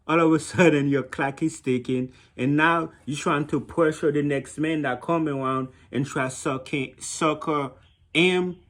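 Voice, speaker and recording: A man with a Haitian accent giving blunt, mocking dating advice in a casual monologue, often repeating himself. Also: fairly high pitch.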